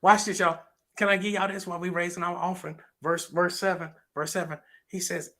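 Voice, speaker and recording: Man, pastor, sermon, husky, a bit high-pitched, call-and-response. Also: bright, forceful tone. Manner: preaching with call-and-response asides, quoting scripture in a drawn-out sing-song.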